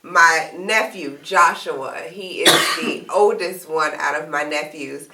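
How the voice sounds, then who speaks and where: A woman's voice: low-pitched, slow pace, bright, forceful tone. A woman on a casual panel chat, telling stories about her family and laughing easily. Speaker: co-host. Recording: echoey room, mic at a distance.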